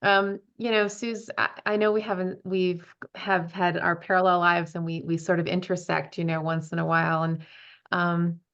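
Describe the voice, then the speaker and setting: A middle-aged woman giving a heartfelt, halting tribute to a longtime friend on a video call, laughing and close to tears. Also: lowish voice, flat delivery. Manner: warm, laughing, tearful, halting. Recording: muffled video call audio.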